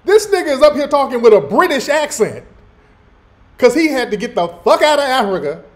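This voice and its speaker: An American man commenting in a mocking, profane, loud way on a clip he is watching. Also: very high-pitched, very animated, a little fast.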